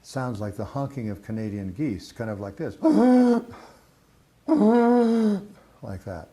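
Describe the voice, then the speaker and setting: An older man teaching a clinical exam demonstration, calm and explanatory, with frequent pauses and fillers. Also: on the low side. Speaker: instructor.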